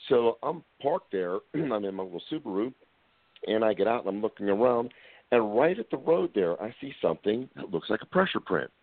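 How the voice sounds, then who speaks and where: Guest from Pennsylvania on a phone line, low-voiced man, lively storyteller. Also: fairly quick, vocal fry, no room sound. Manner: animated storyteller, acts out the people he quotes. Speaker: guest researcher. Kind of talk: casual storytelling on a call-in show. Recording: tinny phone line, dry.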